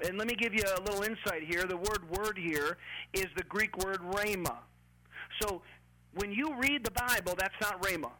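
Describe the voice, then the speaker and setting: A preacher delivers a sermon with emphatic, deliberate phrasing and frequent repetition. The voice has a bright, forceful edge, and a faint hum sits underneath. It sounds like a church service. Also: medium pitch, low-quality recording. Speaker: pastor.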